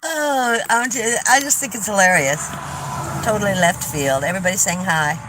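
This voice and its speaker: A woman's voice: medium pitch, normal speed, background noise. A woman in her seventies, hosting a live stream and telling a story in a rambling, chatty way, laughing often. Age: 70s. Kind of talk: casual storytelling chat.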